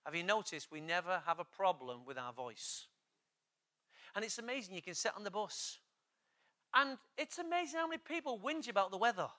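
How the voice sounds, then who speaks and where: A male pastor, preaching an urgent, exhorting sermon that builds to loud, emphatic passages. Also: sits high, animated, a little fast.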